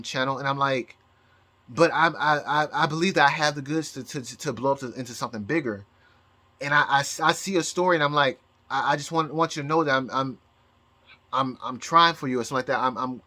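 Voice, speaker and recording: A man talking to his channel in a rambling personal monologue, halting and full of restarts, close to tears. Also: fairly high pitch, sharp tone. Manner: halting, with many repeated words and restarts. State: emotional, near tears. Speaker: astrology YouTuber.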